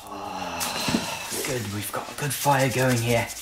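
A man's voice: mid-range voice, expressive, slow pace, heavy background noise. An actor playing a humble male shepherd recalling a night by the fire, in a conversational, hesitant, marvelling way. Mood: reflective. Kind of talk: dramatic monologue.

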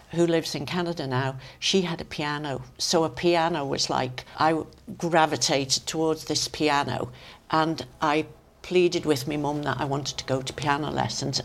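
An older woman with a Manx accent, a lively storyteller who laughs often, reminiscing in a conversation. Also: sits low. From Isle of Man. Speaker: interviewee.

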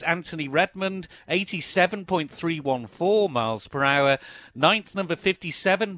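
Dry-studio race commentator reading times. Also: male voice, on the high side, sharp tone, no echo. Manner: measured, listing names and speeds. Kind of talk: reading practice results.

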